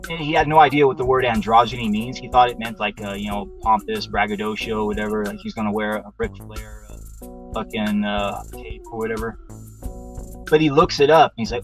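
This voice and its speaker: A man's voice: medium pitch, fairly quick, a bit bright, faint music behind, low-quality recording. A man hosting a livestream show, telling a rambling, profane story in a casual monologue. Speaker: show host. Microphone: livestream mic.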